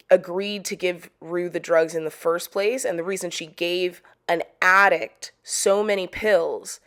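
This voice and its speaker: A young woman chatting casually to camera about a TV episode, animated and slangy. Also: lowish voice, roomy sound. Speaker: video creator reviewing a TV episode.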